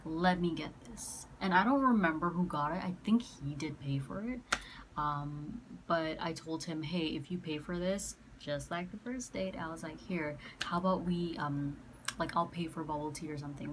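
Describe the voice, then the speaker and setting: A woman's voice: deep voice, moderate pace, noisy background. A young woman vlogger casually telling a dating story, chatty and full of "like" and "um", acting out both sides of the conversation. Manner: chatty, quotes herself and others, many fillers like "like" and "um".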